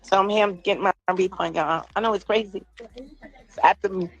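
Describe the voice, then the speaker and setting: A woman filming herself on her phone at an airport, upset and firing off sharp questions. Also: medium pitch, steady tone, a little fast, breathy edge, dry recording, highs cut off, soft background music. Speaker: vlogger. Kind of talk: filming herself in a casual rant.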